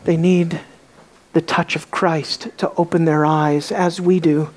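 A woman preaches a sermon in an unhurried, flat delivery. She poses rhetorical questions to the congregation, moving between soft, low asides and raised exclamations.

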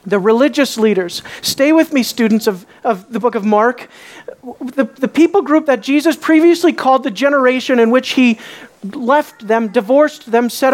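A woman preaching a sermon. She asks the congregation rhetorical questions and swings between soft, low asides and raised exclamations. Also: moderate pace.

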